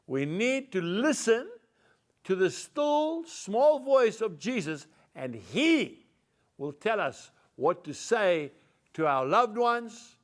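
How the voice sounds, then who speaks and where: A male preacher with a loud voice giving a devotional sermon and reading scripture, emphatic and folksy, calling his listeners folks. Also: high-pitched, big pitch swings, takes it slowly.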